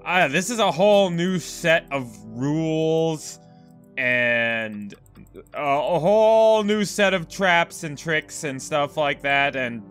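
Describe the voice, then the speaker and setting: A young man talks his way through a puzzle game, thinking aloud and poking fun at himself. His voice is bright and a little high for a man, and he speaks slowly. Faint game music sits behind him. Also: expressive. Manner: rambling, self-mocking, thinking aloud. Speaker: gaming video host. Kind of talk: let's-play commentary.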